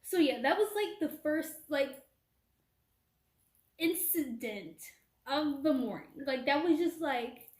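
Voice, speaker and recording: Rambling high-voiced woman in an echoey room. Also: expressive, slow pace, long pauses, darkish tone. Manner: rambling, heavy use of "like" and "you know". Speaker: vlogger. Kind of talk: casual storytime rant. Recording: echoey room, from a distance, faint noise.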